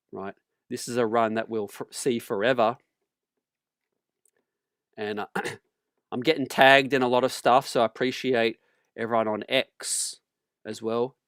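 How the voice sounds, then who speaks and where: A man hosting a sports talk channel, relaxed and casual, calling viewers fam and ladies and gentlemen and clearing his throat often. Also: mid-range voice, no echo, studio quality.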